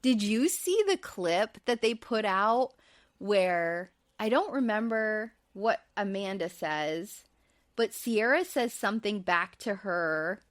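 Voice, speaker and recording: A woman's voice: medium pitch, expressive, slow, no room sound. Chatty woman podcaster, dry close sound. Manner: chatty, with frequent fillers and light laughs. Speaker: podcast host. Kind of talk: casual recap chat.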